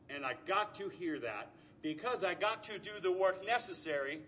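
A man's voice: high voice, a bit bright, a little hiss or hum. Earnest middle-aged man telling his story. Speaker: speaker at a recovery meeting. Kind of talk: personal recovery share.

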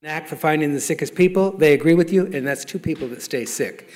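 A middle-aged man gives a personal testimony in a wry, self-mocking storytelling manner. His voice sits a little high for a man, and laughter often runs through what he says. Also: brisk, a little mellow. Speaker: speaker sharing recovery story.

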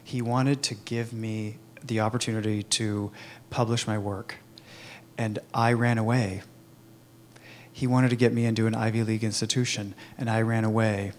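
A man telling his own recovery story in a candid, halting way, with many fillers and restarts. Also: on the low side, little pitch movement, a little hiss or hum. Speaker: recovery program member sharing his story. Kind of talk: personal testimony, conversational.

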